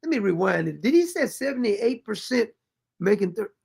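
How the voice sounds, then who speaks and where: A man's voice: sits high, very animated, moderate pace, gravelly, a little mellow, slightly rough. A man hosting a commentary show, reacting to clips with sarcastic, exasperated mockery and reading viewer comments aloud.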